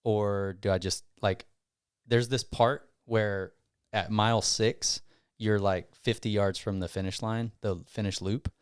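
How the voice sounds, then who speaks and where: Male podcast guest, lowish smooth voice, dry close sound, rambling storyteller. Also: unhurried, no echo. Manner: rambling, animated retelling with self-quotes. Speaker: gym owner guest.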